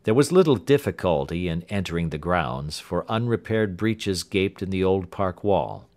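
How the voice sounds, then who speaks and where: A man narrating a classic detective story as an audiobook, steady and expressive. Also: low voice, normal speed.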